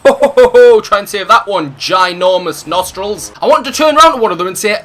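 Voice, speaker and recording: A man's voice: high-pitched, big pitch swings, fairly quick, hardly any pauses, bright, forceful tone. A young man telling a profane, ranting story while playing a game, full of comic insults. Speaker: gaming video host. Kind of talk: ranting storytime over gameplay.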